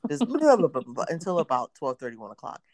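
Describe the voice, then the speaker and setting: Low-pitched and quick, her voice is recorded cleanly in a studio with no echo. In casual podcast chat, this thirty-something co-host tells stories animatedly, acting out the quotes.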